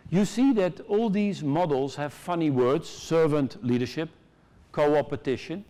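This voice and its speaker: Dutch guy on stage, fairly high voice, jokey and lively, acts out little quotes. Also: measured pace. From Netherlands. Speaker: conference speaker. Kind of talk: conference keynote talk. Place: large conference hall.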